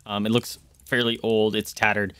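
A man's voice: lowish voice, little pitch movement, normal speed, a bit bright, clear, resonant tone, dry recording. A man running a tabletop roleplaying game as game master. He narrates in a hesitant way, with many fillers and restarts. The recording is dry and close.

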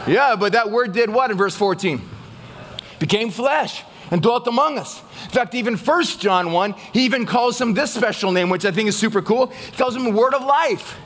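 A man pastor preaching a sermon to his church, asking the congregation questions and pausing for their answers. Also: extremely high pitch, a bit bright.

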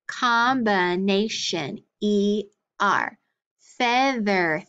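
Woman teacher, phonics drill, very slow and careful, clear sounds, muffled lo-fi sound. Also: medium pitch, a bit bright. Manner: clear, deliberate, with short praise.

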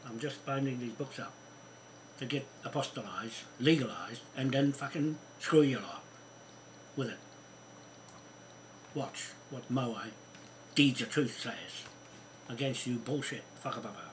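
A man's voice: mid-range voice, unhurried, long pauses, slight background noise, low-quality recording. A man delivering an angry, swearing rant to camera, repeating himself as he fumes. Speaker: vlogger. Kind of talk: angry ranting monologue.

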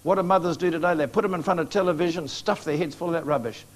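Earnest New Zealand preacher, fairly high voice. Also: male voice, fast. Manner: earnest, urgent exhortation with direct appeals to the congregation. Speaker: evangelist preacher. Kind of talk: sermon. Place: church meeting before a live congregation.

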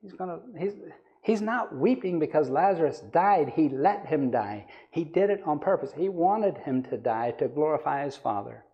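A man's voice: fairly high pitch, lively intonation, normal speed, muffled recording. A male evangelist preaching a sermon, reading scripture aloud and then explaining it with rising emphasis.

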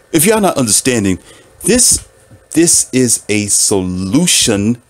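A man whose voice sits on the low side talks casually to listeners about relationships. Preachy and animated, he keeps piling up rhetorical questions and often laughs at his own points.

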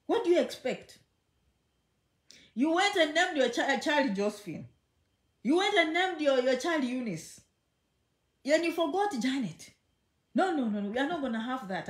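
Woman vlogger, emphatic and teasing, slightly high voice, roomy echo. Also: sing-song, normal speed, long pauses. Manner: chatty and emphatic, repeats phrases, teasing. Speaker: immigration vlogger. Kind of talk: casual direct-to-camera talk. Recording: echoey room.

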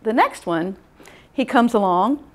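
A woman's voice: fairly high pitch, expressive, measured pace. A middle-aged woman giving a casual workshop lecture, folksy and conversational, often checking in with the audience. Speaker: workshop presenter.

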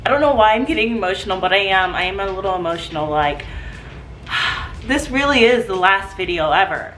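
Talking a little fast and with plenty of animation, a young woman vlogs from her living room in a chatty, gushing way full of "like"s. Her mid-range voice has a fairly bright tone, and the echoey recording carries a slight hiss or hum.

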